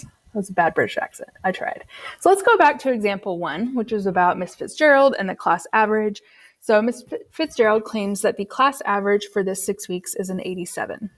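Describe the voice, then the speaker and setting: A woman walks students through a statistics lesson in a patient, chatty teaching voice. Her pitch sits at an ordinary middle height for a woman. She explains each step plainly, with the odd um as she goes. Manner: patient, explanatory, uses fillers like um. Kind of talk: recorded classroom lesson.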